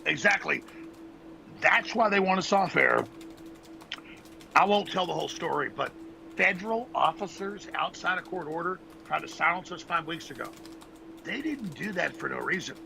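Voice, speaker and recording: Man ranting and begging on air, rough gravelly voice, pushed up high, noisy feed. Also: animated, normal speed, long pauses, bright, forceful tone. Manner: intense, pleading, repetitive, swearing. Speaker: host. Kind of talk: impassioned ranting monologue.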